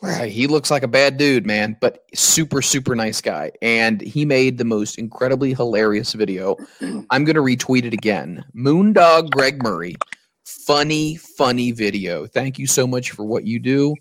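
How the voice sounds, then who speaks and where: A man hosting a podcast, chatting in a relaxed way, giving shout-outs and putting questions to his co-host. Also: medium pitch, normal speed, dry recording. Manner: easygoing, chatty, thanks listeners. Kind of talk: casual podcast chat.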